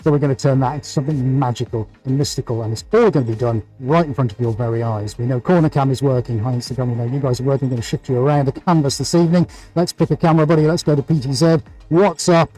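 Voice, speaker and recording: Upbeat British man, mellow voice. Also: mid-range voice, very fast, hardly any pauses, soft background music, rough recording. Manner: upbeat, enthusiastic, full of superlatives. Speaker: artist hosting a painting livestream. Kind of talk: livestream commentary.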